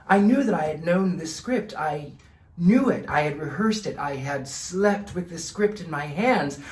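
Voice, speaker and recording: A man hosting his own channel, telling a personal story in an earnest, deliberate way with theatrical emphasis. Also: on the high side, echoey room. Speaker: channel host. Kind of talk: personal monologue to camera.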